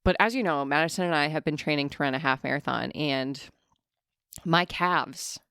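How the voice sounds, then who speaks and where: A woman's voice: low voice, normal speed, a bit bright, clear, resonant tone, no room sound, clean studio sound. A woman in her thirties co-hosting a podcast, chatting casually and joking with frequent laughter. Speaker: podcast co-host. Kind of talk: casual chat. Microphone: podcast mic.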